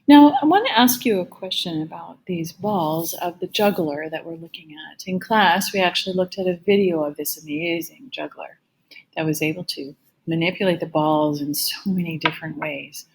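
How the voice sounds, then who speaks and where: A woman math teacher giving a recorded lecture with a slightly gravelly voice, explaining each step patiently. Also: on the low side, moderate pace, slight background noise, low-quality recording.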